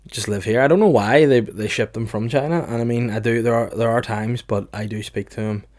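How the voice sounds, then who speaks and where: A man hosting a comedy podcast, joking in a deadpan, rambling way full of fillers. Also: mid-range voice, brisk. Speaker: podcast host. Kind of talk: casual comedy chat.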